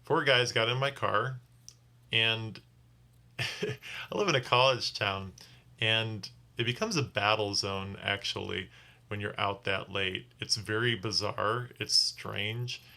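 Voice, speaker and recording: Tired man rambling, bright voice. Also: lowish voice, steady tone, slow pace, creaky. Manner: rambling, restarts sentences often. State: tired from little sleep. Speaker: rideshare driver. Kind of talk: casual vlog storytelling.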